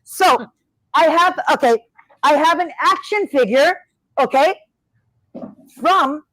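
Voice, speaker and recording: Speaking slowly in a high voice with no room sound, this former wrestler, a middle-aged woman, is having a relaxed interview chat. She tells her stories expressively and talkatively, voicing the people she quotes.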